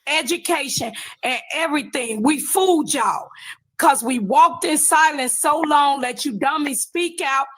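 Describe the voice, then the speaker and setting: A woman with a high voice delivers an angry, forceful rant on a live stream. She speaks with indignation and often breaks into a shout. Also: unhurried.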